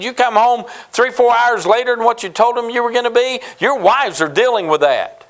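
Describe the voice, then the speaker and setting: A man's voice: very high-pitched, moderate pace, hardly any pauses, fairly bright tone. A man in his fifties from New Mexico, preaching a sermon as a pastor, telling folksy, humorous stories. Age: 50s.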